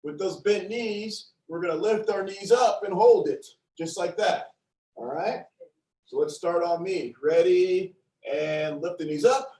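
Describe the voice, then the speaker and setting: A man leads a seated exercise class in a fairly high voice, counting down reps and cheering everyone on. He sounds playful and encouraging. The recording is roomy and echoey, with him standing a little back from the mic. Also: a little slow, mellow, recorded from a distance. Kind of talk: upbeat class instruction with counting.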